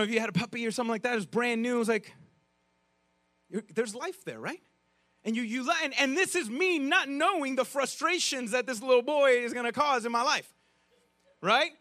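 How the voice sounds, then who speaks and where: High-voiced, bright, chatty preacher. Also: male voice, dry recording. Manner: conversational, animated, with frequent restarts and asides. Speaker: pastor. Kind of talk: sermon.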